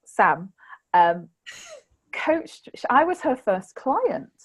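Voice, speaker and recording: Relaxed northern English woman, guest. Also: a little high, extremely slow, slightly rough. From northern England. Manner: relaxed, chatty, trails off into fillers. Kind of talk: casual chat.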